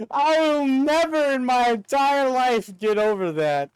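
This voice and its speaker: Male streamer, excitable and profane, high lively voice, smooth and close on a dry mic. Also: takes it slowly, dry recording. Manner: excitable, swears, bursts into laughter. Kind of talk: casual live-stream chat.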